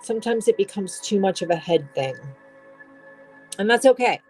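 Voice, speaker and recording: A woman's voice: medium pitch, animated, normal speed, darkish tone, poor audio. Lady doing a tarot reading, talks in loops and swears casually, faint music behind. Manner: rambling, swears casually, restarts often. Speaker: tarot reader.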